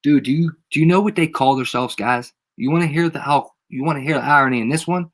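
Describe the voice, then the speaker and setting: This man talks fast in a fairly bright, higher-pitched voice. He's a channel host nursing a head cold, ranting casually on a livestream, using slang, pressing his points hard and repeating them constantly.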